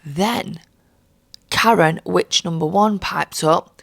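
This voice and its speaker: A young woman rants through a travel story for her vlog, swearing freely and dropping into mocking voices. Her voice sits low with a gravelly fry, and the sound is dry and close. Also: lively intonation, normal speed, no room sound. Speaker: vlogger.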